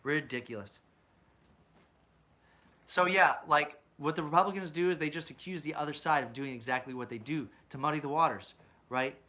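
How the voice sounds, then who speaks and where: Channel host, male, bright tense tone, ranty political commentary full of rhetorical questions. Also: on the high side, normal speed. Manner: ranting, asks rhetorical questions, often adds "right?"; mocks opponents with put-on quotes.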